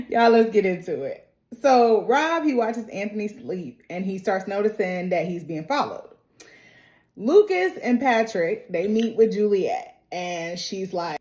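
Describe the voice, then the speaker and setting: A woman with a mid-pitched voice gives a chatty, slang-filled recap of a TV episode and acts out the characters' lines as she goes. Her voice rings off the walls of a roomy, echoey space. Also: very animated, a little slow, darkish tone. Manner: chatty, slangy, retells scenes with quoted dialogue. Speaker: TV recap vlogger. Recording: roomy echo.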